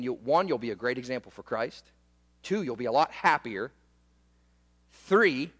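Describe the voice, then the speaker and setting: A man's voice: a little high, a bit bright, long reverb tail. A male pastor preaching a sermon in a conversational, emphatic way, often repeating words and returning to short refrains.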